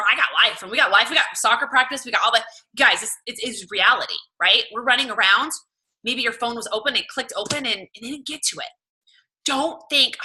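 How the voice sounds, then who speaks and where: A woman's voice: high voice, pushed and bright, rough recording. Bubbly Southern woman coaching her team. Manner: gushing, chatty, lots of "oh my gosh" and "like". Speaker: fitness coach. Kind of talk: casual coaching talk to team.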